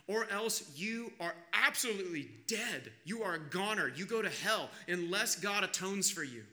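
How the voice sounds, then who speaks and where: Male pastor, brilliant ringing tone, emphatic preaching, loud then hushed. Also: sits high, lively intonation, moderate pace, hardly any pauses. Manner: emphatic, swings between loud urgency and hushed appeals. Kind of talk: sermon.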